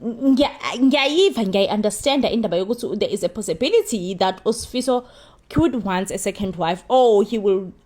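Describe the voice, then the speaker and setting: A woman's voice: medium pitch, moderate pace, darkish tone. A woman with a South African accent giving a casual spoken review of a soap opera, emphatic and repetitive, mixing in Zulu phrases. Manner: emphatic, repeats herself, mixes in Zulu phrases.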